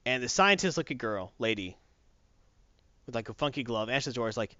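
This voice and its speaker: A man casually recapping a story in an animated, rambling way, correcting himself as he goes. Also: medium pitch, a little fast, no room sound, highs cut off.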